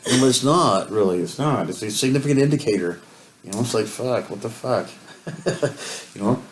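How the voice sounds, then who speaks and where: A man's voice: mid-range voice, lively intonation, moderate pace. A man telling rambling stories in casual chat and swearing constantly as co-host. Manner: rambling storytelling, heavy swearing. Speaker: co-host of a couple's video talk. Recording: roomy echo with faint hiss.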